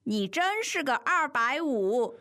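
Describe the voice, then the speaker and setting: A woman's voice: high voice, very animated, takes it slowly, sharp tone, exaggerated voice. A woman voicing an exasperated, scolding friend in a scripted lesson dialogue. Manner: scolding, incredulous.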